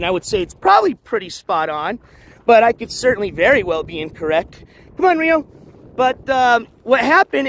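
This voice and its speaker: A man's voice: sits high, fairly bright tone, a little hiss or hum. A man live-streaming outdoors on a trail, chatting casually to viewers with lots of fillers and restarts while walking.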